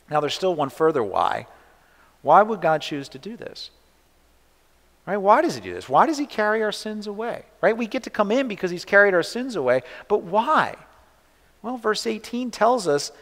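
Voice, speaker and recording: Lively conversational male pastor preaching. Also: high-pitched, long reverb tail. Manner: conversational preaching with frequent "right?" asides. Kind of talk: sermon.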